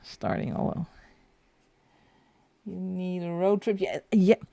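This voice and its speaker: A middle-aged woman chats casually on a coloring livestream, rambling from topic to topic. Her voice is gravelly and mellow, and she talks at an unhurried pace. The sound is dry and close. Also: lowish voice, steady tone, dry recording. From Netherlands. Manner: chatty, rambling, answers chat, laughs often. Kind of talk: casual live-stream chat.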